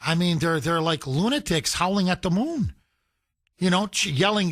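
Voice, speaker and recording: A man's voice: high-pitched, expressive, normal speed, a bit bright, no room sound, clean studio sound. A man hosting a call-in talk radio show, talking emphatically with sarcastic jabs. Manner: sarcastic, emphatic, mocking imitations.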